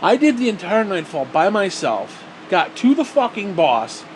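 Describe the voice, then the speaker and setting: Man, high voice, profane game rant, sarcastic, faint hum behind. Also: very animated, unhurried. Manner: angry, profane, sarcastic ranting. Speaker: gaming vlogger. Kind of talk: profane ranting commentary.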